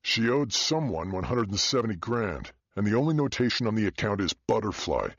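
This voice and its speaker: A man's voice: fairly low pitch, sing-song, brisk, no room sound. A man voicing a fearless male FBI agent who talks bluntly and commandingly. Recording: dull dry audio.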